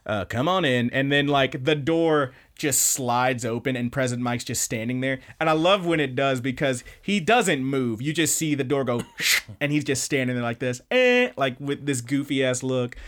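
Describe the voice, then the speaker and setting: A man's voice: medium pitch, steady tone, a bit bright. A young man co-hosting an anime podcast, casually recapping episodes with loose, profane chatter. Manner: loose, profane, does quick silly character voices. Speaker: podcast co-host.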